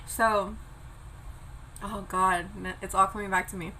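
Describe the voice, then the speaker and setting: A woman's voice: mid-range voice, little pitch movement, measured pace, pushed and bright, a little hiss or hum, rough recording. A young woman chatting casually while eating on camera, telling a travel story and swearing now and then. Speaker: vlogger. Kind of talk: casual mukbang chat.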